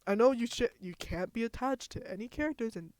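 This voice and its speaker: A woman streamer who reads game text aloud and reacts with expressive, dramatic outbursts. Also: on the high side, a little fast, dry recording.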